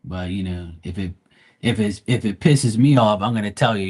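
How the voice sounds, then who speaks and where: A man's voice: lowish voice, moderate pace, a little mellow, slightly rough. A man who reads tarot live, chatting casually with his viewers in a blunt, profane, slangy and rambling way. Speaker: live tarot reader and streamer. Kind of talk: casual livestream chat.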